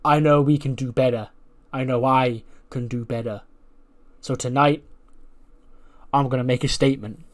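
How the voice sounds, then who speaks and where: A man's voice: medium pitch, fairly even intonation, moderate pace, pauses often. A man casually narrating a wrestling management game, rambling with lots of fillers. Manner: rambling, lots of "like" and "you know". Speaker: let's play narrator.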